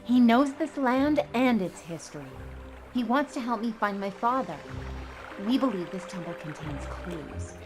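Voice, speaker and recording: A woman's voice: a little high, expressive, measured pace. An actress playing a determined young woman in a video game, firm and defiant. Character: determined young woman searching for her father. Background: game music.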